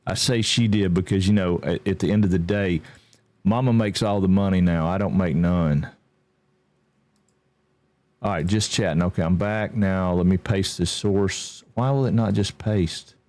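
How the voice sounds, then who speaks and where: A man's voice: low-pitched, moderate pace, a little mellow. Easygoing man streaming. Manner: rambling and easygoing, greets chat by name. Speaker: game streamer. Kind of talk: casual livestream chat.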